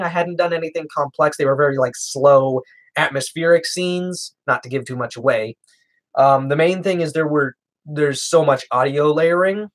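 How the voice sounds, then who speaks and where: A young man streaming, answering chat questions in a casual, rambling way, hesitating often and chuckling. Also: fairly high pitch. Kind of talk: casual livestream Q&A.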